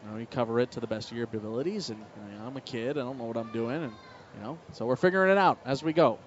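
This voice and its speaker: A man calling a baseball game play by play, telling a relaxed personal story between the calls. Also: mid-range voice, fast, slight background noise. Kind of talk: live baseball commentary mixed with personal storytelling. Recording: slightly muffled broadcast audio with faint ballpark ambience.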